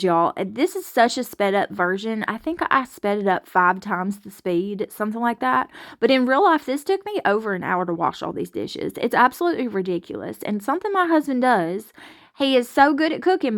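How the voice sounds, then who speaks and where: A woman's voice: a little high, expressive, brisk, no room sound, studio quality. A woman from Alabama with a Southern accent, chatting frankly and folksily to camera as a home vlogger while washing dishes in her kitchen. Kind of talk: casual chat to camera while doing chores.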